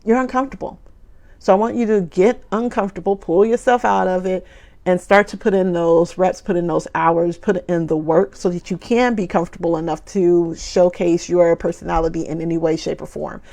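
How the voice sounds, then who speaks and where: Gravelly-voiced woman giving a pep talk. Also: on the low side, steady tone, normal speed, a little mellow. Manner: emphatic, repeats phrases for emphasis. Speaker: video content coach. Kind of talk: motivational vlog talk.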